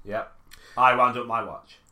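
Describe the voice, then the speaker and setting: A man's voice: mid-range voice, flat delivery, measured pace, pushed and bright. A man co-hosting a podcast in casual banter, with dry, blunt retorts. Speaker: podcast co-host.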